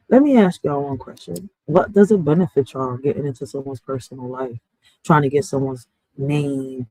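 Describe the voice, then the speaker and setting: A woman's voice: sits low, a little mellow, no echo, rough recording. A woman who streams and writes poetry, ranting casually and with a lot of profanity, full of slang and talking straight to her chat. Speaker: streamer and poet. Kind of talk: casual live-stream rant.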